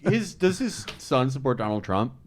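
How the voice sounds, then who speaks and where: A man who is a guest on a political podcast, talking casually in a mocking, excitable way and swearing often. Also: medium pitch, normal speed.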